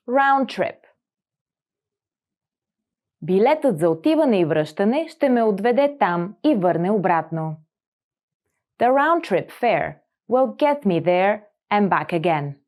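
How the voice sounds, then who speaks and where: A woman hosting a scripted vocabulary lesson, repeating each word slowly and clearly for learners. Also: medium pitch, expressive, darkish tone. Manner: slow, clear repetition of words for learners. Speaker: language lesson host.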